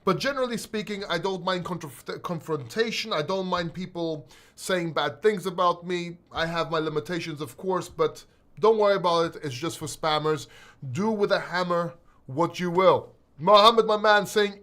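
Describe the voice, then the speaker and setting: Brief: blunt, chatty male livestream host, high-pitched, reads chat aloud, swears casually. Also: moderate pace, a bit bright. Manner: talkative, blunt, swears freely.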